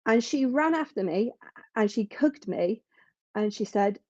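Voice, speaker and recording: A woman's voice: on the high side, lively intonation, unhurried, warm tone, dry recording, highs cut off. A woman speaking as a podcast guest in an earnest, reflective way, often restarting her sentences. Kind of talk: conversational interview.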